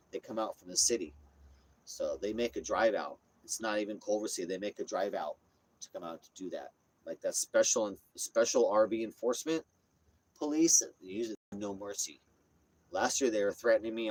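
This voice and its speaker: Man, lowish voice, casual livestream chat, rambling, repetitive, swears a lot, phone mic inside an RV. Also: normal speed. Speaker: streamer. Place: inside a parked RV.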